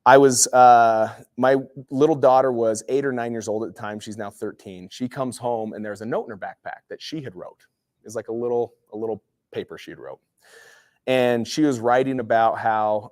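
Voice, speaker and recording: A man's voice: mid-range voice, normal speed, a little mellow, no echo, clean studio sound. A man in his forties from Utah, a guest speaker giving a motivational talk with personal stories in a casual, rambling way. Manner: casual, rambling storyteller with many fillers.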